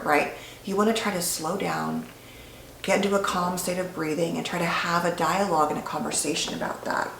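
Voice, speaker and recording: A licensed psychologist gives an educational talk straight to the viewer, conversational and explanatory. Her voice is fairly low, with a little hiss or hum, in an echoey room with faint ambience.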